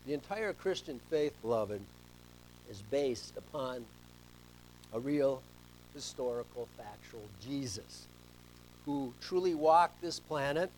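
A middle-aged man preaching a sermon as pastor, telling stories and swinging between soft asides and loud emphasis. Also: medium pitch, expressive, slow, a little hiss or hum, low-quality recording.

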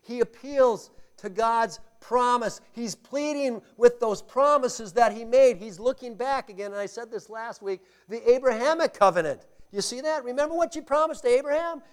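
A male pastor delivering a sermon in a fairly high voice. He preaches emphatically, leaning hard on key words and then dropping into quiet asides, and keeps asking his congregation rhetorical questions. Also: moderate pace, few pauses, smooth.

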